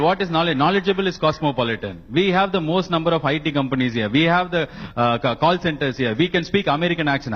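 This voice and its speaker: Panelist: man, higher-pitched, rapid and jokey, dull lo-fi sound. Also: a little hiss or hum. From Tamil Nadu, South India. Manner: fast, animated, jokey, emphatic. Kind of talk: panel debate.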